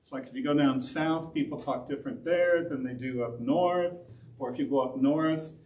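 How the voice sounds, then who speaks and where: A man's voice: mid-range voice, moderate pace, darkish tone. A man from Oregon, a pastor leading an adult Bible class in a loose, conversational way full of side remarks. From Oregon, USA. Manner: rambling, conversational, with self-aware asides. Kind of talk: casual Bible study teaching. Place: church classroom. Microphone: distant room mic. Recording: roomy, distant, faint hiss.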